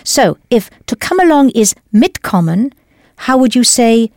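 A woman leading a scripted audio language lesson, explaining patiently and deliberately into a close studio mic. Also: on the high side, big pitch swings, darkish tone, no room sound. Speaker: language teacher.

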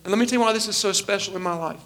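A pastor in his forties preaches with a high, bright voice. He tells a personal story and lively acts out the voices of the people in it. His voice stays high and bright throughout. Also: rapid-fire. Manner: animated storyteller acting out quoted voices. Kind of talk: sermon storytelling.

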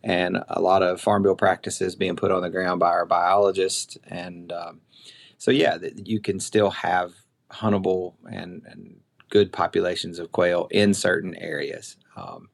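A man's voice: low voice, vocal fry. A man from Tennessee with a Southern accent, talking casually as a guest on a podcast. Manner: relaxed, drawling, with many fillers. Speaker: podcast guest, conservation biologist. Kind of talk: casual remote interview chat. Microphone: remote call.

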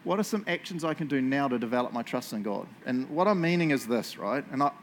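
A man's voice: medium pitch, expressive, quick pace, slight background noise. Chatty man leading a casual Bible talk. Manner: chatty, jokey, asks the room questions. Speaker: youth or Bible study leader. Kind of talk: casual Bible teaching to a group. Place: indoor room with a group.

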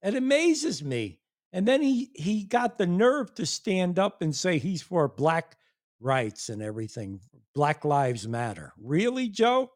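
A man's voice: high voice, very animated, measured pace. A man ranting angrily to his viewers, swearing a lot and laughing in disbelief. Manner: angry, profane, incredulous, laughs in disbelief. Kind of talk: profane political rant.

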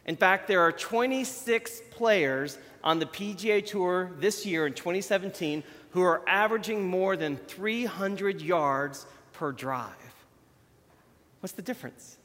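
A man delivers a conversational sermon, chatty and self-deprecating. His voice sits a little high. A long reverb from a large hall trails each phrase. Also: unhurried, fairly bright tone. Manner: chatty, self-deprecating, shows props while talking.

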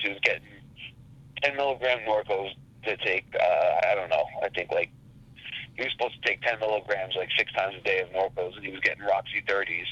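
A man telling a rambling story in a casual, profane and animated way. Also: on the low side, highs cut off. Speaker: podcast guest.

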